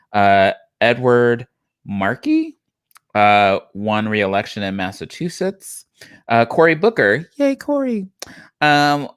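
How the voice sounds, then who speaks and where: A man co-hosting a casual stream, reading out results slowly with plenty of ums and uhs. His lowish voice swings up and down a lot as he trips over names and laughs at himself. The sound is dry and close. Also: fairly bright tone, smooth, no echo. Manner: stumbling over names, self-deprecating, many fillers. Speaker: co-host reading election results. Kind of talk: casual live-stream chat.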